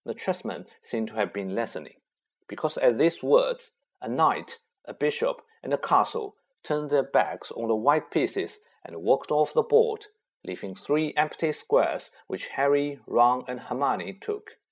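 A man narrating a children's story in an expressive, unhurried way. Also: medium pitch. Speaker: audiobook narrator.

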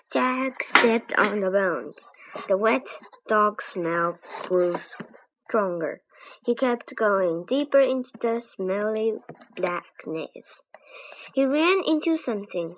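A woman narrates a children's chapter book aloud, slow and expressive. Her voice sits a little high, and she takes her time, lingering over every phrase. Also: low-quality recording. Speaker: storybook narrator.

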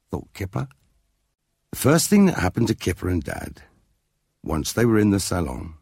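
A man reads a children's storybook aloud in a low, gravelly voice with a touch of huskiness. His pitch moves a lot as he tells the story, and the sound is dry and close to the mic. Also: no echo. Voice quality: expressive, lively read-aloud manner. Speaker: narrator.

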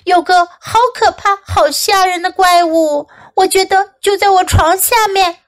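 A woman voicing a frightened little girl pig who cries out in a high voice in a storybook reading. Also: fairly even intonation, unhurried. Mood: scared.

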